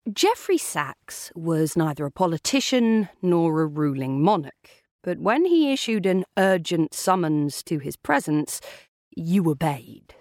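A woman narrating an unabridged novel in a measured, dramatic storytelling manner. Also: fairly low pitch, no room sound, clean studio sound. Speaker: audiobook narrator. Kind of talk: scripted narration.

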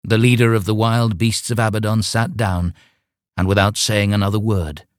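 A man narrating an audiobook in a dry, deadpan comic reading. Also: fairly low pitch, moderate pace, dry recording. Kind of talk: scripted narration.

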